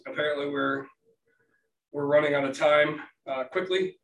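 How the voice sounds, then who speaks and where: A man's voice: fairly high pitch, steady tone, moderate pace, fairly bright tone. Rambling man in his thirties, roomy sound. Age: 30s. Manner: rambling storyteller, swears freely, quotes others. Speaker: podcast co-host. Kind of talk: casual chat. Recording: roomy, distant from the mic.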